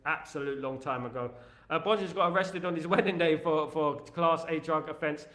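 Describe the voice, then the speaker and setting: A man's voice: fairly high pitch, moderate pace, fairly bright tone. Chatty London man on a stream. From England. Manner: chatty, rambling, reads out viewer comments. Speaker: host of a fan live stream. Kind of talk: casual livestream chat. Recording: echoey room.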